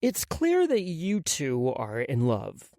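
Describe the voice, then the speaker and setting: A self-assured woman with a dry wit speaks up, pitched well above a man's register, as a male narrator puts her on. Her voice swings widely in pitch. The reading is close and dry, with no room sound. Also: huge pitch swings, slow, a little mellow, no echo, exaggerated voice. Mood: playful. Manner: frank, dry humor. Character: blunt, self-assured grown woman, wry and teasing. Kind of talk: audiobook character voice.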